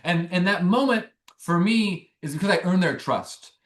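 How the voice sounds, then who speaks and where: A young man, a filmmaker guest, telling a long story in a rambling, animated way with many restarts. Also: sits high, normal speed, roomy sound. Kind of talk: casual interview storytelling.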